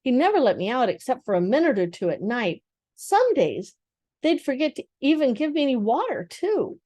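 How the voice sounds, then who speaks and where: An older woman voicing a simple, apologetic male donkey in a high, halting voice for a storybook reading. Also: sing-song, mellow, no room sound. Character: gentle simple-minded male donkey, sorry and meek.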